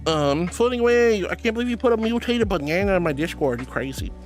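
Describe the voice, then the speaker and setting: A man streaming as a VTuber from home on a headset mic, reading chat aloud and answering with affectionate, playful warmth. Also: sits high, lively intonation, fast talker, faint music behind. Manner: affectionate and playful, calls viewers sweetheart.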